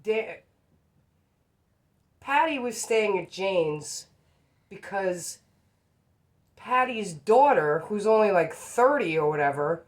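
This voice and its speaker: A woman's voice: medium pitch, lively intonation, slow, long pauses. A woman in casual chat with a friend, chiming in with short remarks before telling her own story. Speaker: friend listening.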